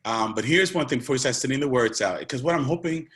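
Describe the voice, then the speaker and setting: A man's voice: medium pitch, animated, quick pace, a bit bright. A man giving an earnest, conversational online presentation, talking directly to a large audience and emphasizing key points.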